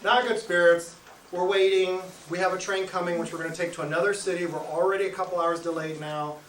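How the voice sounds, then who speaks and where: A man with a high voice tells a comic travel story on stage, chuckling as he goes. His voice sounds roomy and comes from a few steps off the mic, with a faint hiss behind it. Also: fast talker. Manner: animated, chuckles through his own story. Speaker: stand-up comic. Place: live show venue. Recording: echoey room, mic from a distance.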